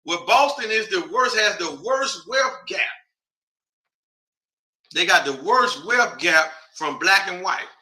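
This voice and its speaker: A man's voice: sits high, animated, takes it slowly, long pauses, sharp tone. A man hosting a casual broadcast, thinking aloud and talking straight to his viewers in an informal, chatty way as he reads through a list. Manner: thinks aloud while reading a list off a map. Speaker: host.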